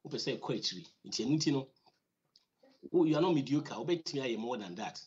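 A man's voice: medium pitch, lively intonation, brisk, a little mellow. A man with a Ghanaian accent giving a conversational finance lesson, repeating words for emphasis and using many fillers. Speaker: financial educator. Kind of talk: teaching talk on personal finance. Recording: slightly dull lo-fi recording.

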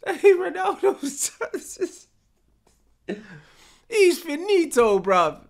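A young man, reacting live to a football match with loud, slangy banter and frequent laughter. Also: very high voice, extremely slow, vocal fry, long pauses, soft background music.

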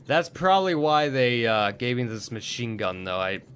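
A man's voice: medium pitch, very animated, moderate pace, fairly bright tone. Young guy ranting and cursing at a game, mid voice, bit of hiss behind. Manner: frustrated, swearing, muttering to himself. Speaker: gaming video host. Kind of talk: gameplay commentary.

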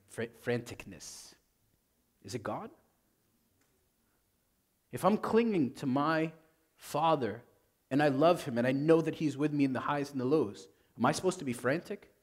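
Conversational priest preaching, soft to loud. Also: male voice, medium pitch. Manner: conversational, says "like" often, swings from loud to very soft. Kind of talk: sermon.

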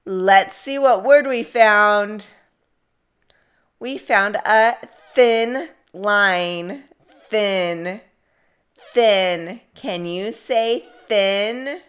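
A young woman speech therapist leading toddler speech practice, drawing out each word slowly for children to repeat. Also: medium pitch, fairly bright tone, clear, resonant tone. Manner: slow, drawn-out words for children to repeat.

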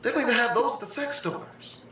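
A young man giving casual, profane, excitable reaction commentary on a vlog, often breaking into laughter. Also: extremely high pitch, brisk, slight background noise. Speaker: vlogger. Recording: echoey room, far from the mic, faint music.

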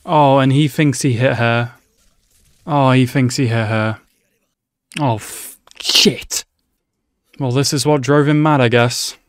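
A man reacting to an anime episode as he watches, talking to himself and his viewers, swearing and exclaiming loudly at tense moments. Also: mid-range voice, dry recording, studio quality. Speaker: anime reaction channel host. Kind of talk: live reaction commentary.

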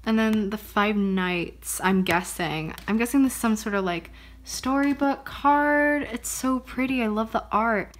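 A woman's voice: on the high side, unhurried. A young woman vlogging casually as she unboxes presents, bubbly and gushing, often gasping and saying how pretty things are. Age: young adult. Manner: bubbly, gushing, frequent gasps and laughs.

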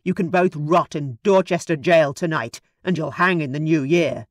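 A woman's voice: deep voice, moderate pace, no echo, studio quality. A woman voicing a leering, scheming male country squire who menaces the heroine with a smug tone. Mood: threatening.

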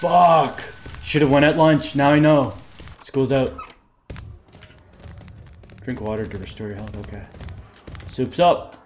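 A young man streaming a game live, reacting excitably, swearing and laughing at what happens on screen. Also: medium pitch, slow, long pauses, slight background noise. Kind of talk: live gameplay commentary.

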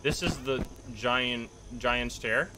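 A man's voice: medium pitch, takes it slowly, background noise. A young man streaming a video game live, reacting with laughter, surprise and swearing as he plays. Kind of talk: live gameplay commentary. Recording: game music under voice. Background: game music.

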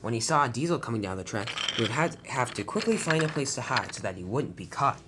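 An amateur storyteller narrating a toy-train story in a plain, hurried way, with slips and restarts. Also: mid-range voice, big pitch swings, heavy background noise.

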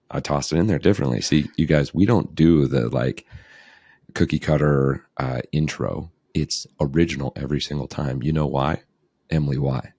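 Very deep, husky-voiced man hosting a podcast. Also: normal speed, dark tone, dry recording, clean studio sound. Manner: playful, upbeat, self-teasing. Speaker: podcast host. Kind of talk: casual podcast chat.

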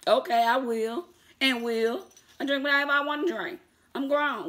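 A woman's voice: fairly high pitch, a little fast, a bit bright. A woman vlogger chatting casually to her viewers, calling them y'all and laughing often, defiant and sassy toward her critics. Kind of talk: casual vlog talk to viewers.

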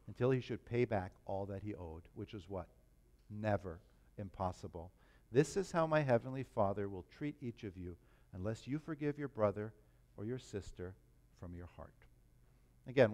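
A pastor preaching a sermon in a church, talking in an animated, emphatic way. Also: male voice, on the low side. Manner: animated, emphatic, rising to stress points.

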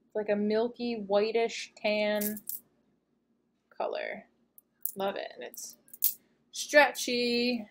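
A woman's voice: mid-range voice, little pitch movement, slow, pauses often, a little hiss or hum. A woman hosting a casual unboxing video, chatty and gushing, with lots of fillers as she looks over each item. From United States. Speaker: unboxing channel host.

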